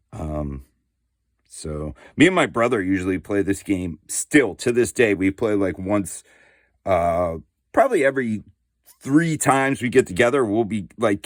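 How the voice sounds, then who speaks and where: Unboxing a board game for his channel, this middle-aged man keeps things relaxed and slangy, peppering his show-and-tell with fillers and "dude." He speaks on the low side, and the studio-quality audio has no room sound.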